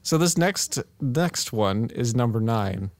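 A man's voice: mid-range voice, slow, no room sound. Casual, hesitant man, dry sound. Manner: relaxed, hesitant, reads facts off a phone. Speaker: podcast co-host. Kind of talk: casual chat.

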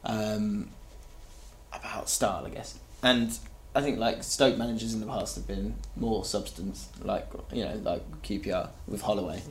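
A man co-hosting a casual football podcast, talking in an animated way with frequent restarts. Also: on the low side, normal speed, slight background noise. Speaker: podcast co-host.

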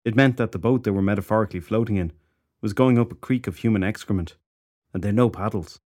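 A man narrating a fantasy novel audiobook in a steady, even storytelling manner. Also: fairly low pitch, quick pace, no room sound, clean studio sound.

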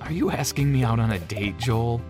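A man voicing a gentle teenage girlfriend in a storybook narration, with a softly raised, girlish tone over background music. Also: mid-range voice, moderate pace, natural voice. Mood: sweet. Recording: music bed underneath.

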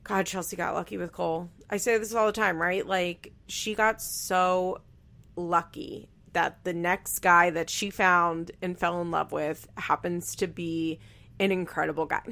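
A woman's voice: on the low side, fairly even intonation, measured pace, gravelly, sharp tone. A woman host giving casual, blunt commentary on a reality show, chatty and swearing freely.

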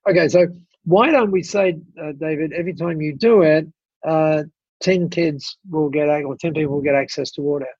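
Male guest storyteller, husky, fairly high voice, dull muffled recording. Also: moderate pace, no echo. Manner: animated storyteller, many restarts and asides. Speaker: guest speaker. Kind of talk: telling an anecdote in conversation.

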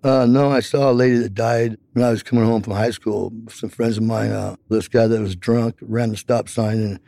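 A man's voice: lowish voice, fairly even intonation, moderate pace, gravelly, dark tone, no room sound. A man telling a long personal account in an interview, rambling with many fillers.

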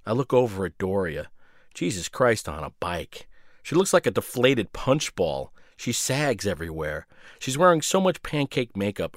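Male radio host, sardonic story reader, lively low voice. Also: dry recording, studio quality. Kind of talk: reading his own short story.

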